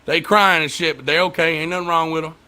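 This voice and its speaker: A man's voice: on the high side, steady tone, fast, sharp tone, smooth. A young adult man, a father, chatting casually as a podcast host and telling loose, profane stories about his kids. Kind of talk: casual chat.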